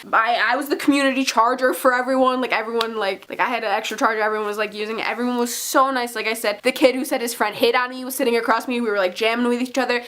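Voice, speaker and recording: A young woman chats through a casual storytime vlog. Her voice sits a little high and sounds bright and tense. She talks excitably, swears freely and fills her sentences with "like". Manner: excitable, swearing, many fillers. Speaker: vlogger.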